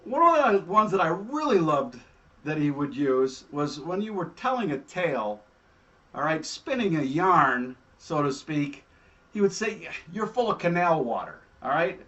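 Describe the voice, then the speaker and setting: A man hosting a show, telling stories in a casual, animated way and often adding "all right?". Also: on the high side, a little slow, muffled recording. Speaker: host. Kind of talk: casual storytelling.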